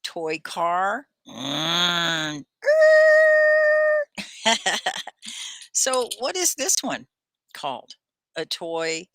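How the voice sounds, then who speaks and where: A woman teaching a live online English class, hosting in a lively way, articulating her words clearly and often laughing. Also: fairly low pitch, very slow, dry recording.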